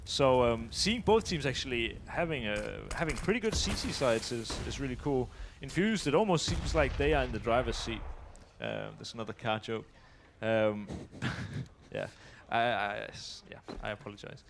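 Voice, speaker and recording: A man giving live esports color commentary, talking in a hesitant way with many pauses and restarts. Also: medium pitch, lively intonation, noisy background.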